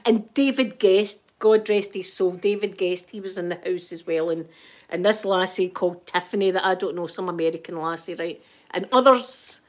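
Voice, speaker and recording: A Scottish woman telling a story in casual chat, gossipy and animated, often checking in with her listener. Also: mid-range voice. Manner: laughs often while telling. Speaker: channel host.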